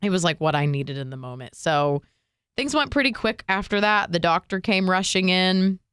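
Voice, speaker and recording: Young female podcast co-host, low and smooth, emotional casual storyteller. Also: moderate pace, no echo, studio quality. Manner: emotional, animated retelling with frequent fillers.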